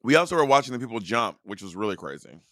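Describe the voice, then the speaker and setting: A man's voice: mid-range voice, sing-song, fast talker, fairly bright tone, no room sound, studio quality. A man co-hosting a podcast in casual chat, blunt and argumentative with a sassy edge. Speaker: podcast co-host.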